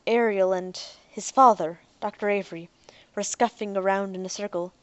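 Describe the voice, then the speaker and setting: A woman's voice: medium pitch, fairly even intonation, normal speed, no room sound, highs cut off. Woman reading a sci-fi audiobook. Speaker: audiobook narrator. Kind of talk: audiobook narration.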